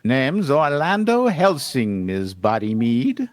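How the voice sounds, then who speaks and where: A man voicing a cocky male coyote vampire slayer in a comedic fanfiction table read, with a slow, puffed-up drawl. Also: mid-range voice, big pitch swings, dry recording, clean studio sound. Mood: boastful.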